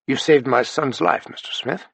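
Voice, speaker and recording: A man voicing an earnest hero, a father speaking gravely. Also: medium pitch, animated, brisk, no room sound.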